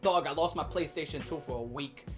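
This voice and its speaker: A man in his late twenties telling a childhood story in a casual vlog rant, animated and profane, laughing and full of slang. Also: on the high side, a little fast, soft background music. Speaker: vlogger ranting about his childhood.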